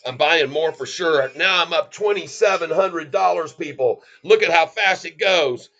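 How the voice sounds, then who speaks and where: Excitable man, bright voice. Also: on the high side, moderate pace, dull audio, faint music behind. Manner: exclamatory, talks straight to viewers as folks. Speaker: stock market livestream host. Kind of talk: excited live commentary on a stock chart.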